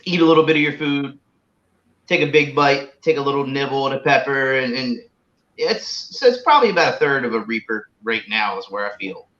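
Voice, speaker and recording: A man's voice: medium pitch, lively intonation, brisk, fairly bright tone. A man chatting casually on a livestream about tasting spicy snacks, rambling with lots of "like" and "uh". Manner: rambling, full of "like" and "uh". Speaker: guest tasting hot snacks. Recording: echoey lo-fi call audio.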